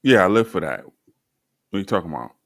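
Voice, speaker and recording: A man with a very deep, low voice hosting a casual stream chat. He talks in a laid-back, slangy, joking way. The sound is close and dry, with no room echo. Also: big pitch swings, quick pace, gravelly. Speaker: podcast host. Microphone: remote stream mic.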